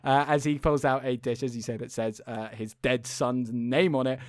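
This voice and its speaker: A young man co-hosting a casual chat, recapping a film in an animated, laughing way and swearing freely. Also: mid-range voice, normal speed, dry recording, studio quality. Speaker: podcast co-host.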